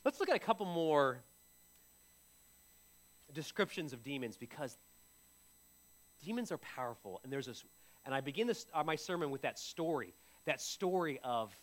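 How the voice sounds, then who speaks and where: Animated male pastor preaching. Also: a little high. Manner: animated storytelling, acting out biblical voices. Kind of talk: sermon.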